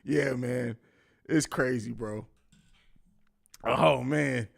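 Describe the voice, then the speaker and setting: A man's voice: medium pitch, very slow, gravelly, breathy edge. An American man hosting a casual post-game live stream, profane and slangy, who laughs a lot as he talks.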